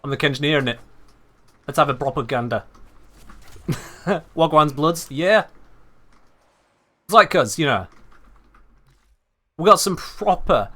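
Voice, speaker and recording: A cocky young British chav lad, put on by a man, leaning hard into exaggerated street slang. The voice swings up and down with a bright, sharp edge. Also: on the high side.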